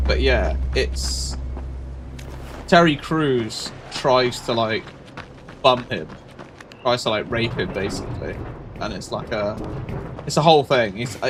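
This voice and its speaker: A man, animated and swearing in casual chat as a streamer. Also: unhurried, pauses often. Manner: animated, swearing, acts out quotes with sudden high yelps. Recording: noisy background.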